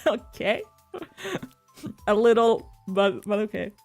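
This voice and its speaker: A woman's voice: medium pitch, very animated, extremely slow, a little mellow, soft background music. A woman streaming a video game, reacting bluntly with swearing and laughter. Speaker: VTuber streamer. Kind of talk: gameplay commentary, reading dialogue aloud.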